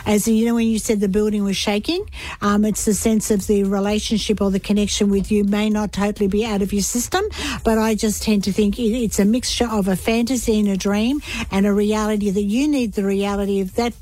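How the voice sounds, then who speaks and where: A woman's voice: mid-range voice, steady tone, brisk, mellow. A woman interpreting callers' dreams on a radio call-in show, chatty and reassuring. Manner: chatty, reassuring, laughs often.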